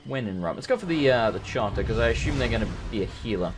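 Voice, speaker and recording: A man casually commentating a game he plays, excitable, swearing often and talking back to the characters. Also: on the low side, quick pace, music in the background. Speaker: let's play host.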